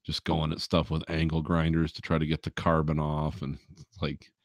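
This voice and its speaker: A man's voice: a bass voice, monotone, moderate pace, no room sound, studio quality. A man hosting a podcast, telling a story in casual, swearing chat and laughing often. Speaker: podcast host.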